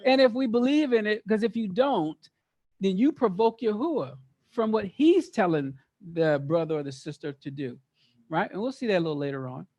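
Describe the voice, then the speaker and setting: A male teacher leads a lively, interactive Bible study, reading verses aloud and quizzing his group, often repeating words for emphasis. His voice sits high and he talks at a normal speed.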